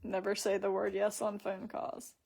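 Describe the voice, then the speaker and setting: A woman's voice: mid-range voice, monotone, normal speed, creaky, darkish tone, breathy edge. A woman hosting a casual live stream on her phone, rambling through her story and reading viewer comments aloud.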